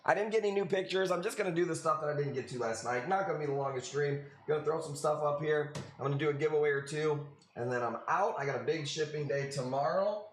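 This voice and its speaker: A man hosts a live stream in a relaxed, slangy way and greets viewers as they join. His voice sits on the higher side. The recording has a roomy echo with faint ambience behind it. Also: a little hiss or hum. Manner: laid-back, slangy, greets viewers by name. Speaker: live stream host selling corals. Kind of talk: casual live-stream chat. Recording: echoey room with faint ambience.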